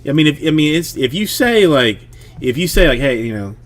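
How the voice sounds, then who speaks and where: A man's voice: on the high side, expressive, brisk. Man, thirties, a streamer and dad, casual rambling chat, heavy on fillers. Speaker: streamer, father of a young daughter.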